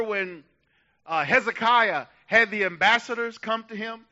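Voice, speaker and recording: A man preaching a sermon in a very high, piercing voice, moving from hushed lines to sudden shouts. His delivery is dramatic and emphatic. The recording sounds dull and lo-fi. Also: unhurried.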